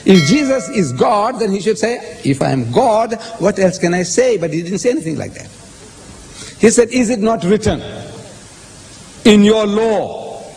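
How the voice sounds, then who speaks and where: A man lecturing on Bible verses, animated, quoting passages and posing rhetorical questions. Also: a little high, a little hiss or hum. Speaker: lecturer on scripture. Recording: hall reverb with faint ambience.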